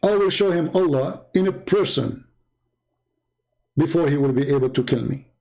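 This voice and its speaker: Emphatic man, fairly high voice. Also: animated, normal speed, gravelly, a little mellow. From Middle East. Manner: emphatic, repetitive, broken English grammar. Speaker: Christian apologist. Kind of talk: casual monologue with storytelling.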